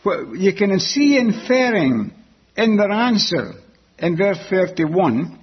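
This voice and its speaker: Man, preacher, sermon, unhurried, repeats words for emphasis, muffled lo-fi sound. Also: sits high, big pitch swings, husky. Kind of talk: sermon, Bible exposition.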